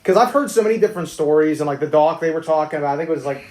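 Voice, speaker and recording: A man's voice: fairly high pitch, animated, very fast, darkish tone. A man hosting a podcast interview, asking long, hesitant questions with fillers. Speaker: podcast host. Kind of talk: casual interview chat. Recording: echoey room.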